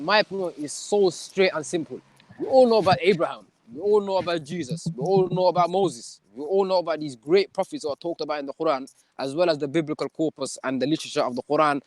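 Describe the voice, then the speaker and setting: A young man debating hotly and combatively, in street slang, often asking "you feel me". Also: a little high. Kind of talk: heated live debate.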